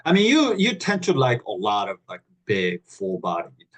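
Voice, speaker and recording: A man's voice: fairly low pitch, huge pitch swings, normal speed, fairly bright tone, low-quality recording. A man hosting a wine club tasting on a video call, talking casually with many fillers and restarts.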